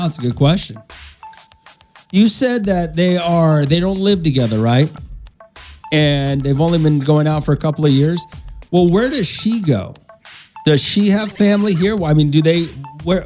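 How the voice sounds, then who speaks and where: A male morning radio host with a somewhat high voice, chatting loosely and rambling from a radio studio. He speaks straight to his listeners in a casual, conversational way. A faint music bed plays under him. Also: darkish tone.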